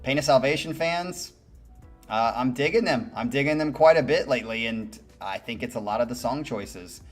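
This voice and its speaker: Man, music reaction host, casual musing commentary, middle pitch, quiet music underneath. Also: moderate pace. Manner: candid, musing, casually profane.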